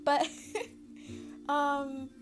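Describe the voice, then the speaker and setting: High-voiced chatty teenage girl podcasting. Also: monotone, very slow, music in the background. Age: teens. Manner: chatty, rambling, easily distracted, swears freely. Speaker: podcast host. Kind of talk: casual rambling podcast chat. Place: at home.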